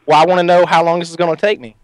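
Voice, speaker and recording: A man's voice: fairly high pitch, flat delivery, racing, close to an everyday voice. A man playing an angry redneck father on a prank phone call, making folksy threats. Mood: threatening. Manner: blustering threats, folksy drawl.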